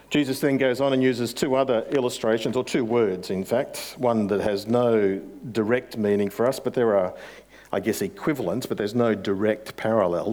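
Aussie pastor guy preaching, lowish voice, chatty, asks the crowd questions. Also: a little mellow. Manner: conversational, rhetorical questions, builds emphasis. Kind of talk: sermon.

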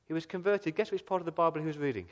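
Preaching with earnest conviction, this pastor questions his audience and swings from loud, emphatic moments to hushed ones. He speaks at a racing pace with a fairly high pitch.

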